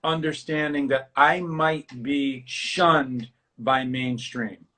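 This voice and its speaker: A man hosting a casual interview, animated and loose, riffing on his theories with plenty of swearing. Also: medium pitch, slow. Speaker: host.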